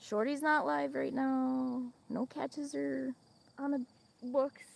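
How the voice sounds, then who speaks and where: A Midwestern-accented woman hosts a casual livestream outdoors on a farm, chatting and laughing often as she talks to viewers and her animals. Her high-pitched, gravelly voice stays fairly flat in pitch and moves slowly.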